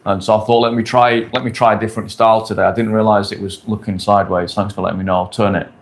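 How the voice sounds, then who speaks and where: A man's voice: on the low side, flat delivery, fast talker. A man in his forties answering questions on a casual live stream, talking bluntly and crudely, often repeating his points. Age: 40s. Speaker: dating coach streamer. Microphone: phone or camera on a stand.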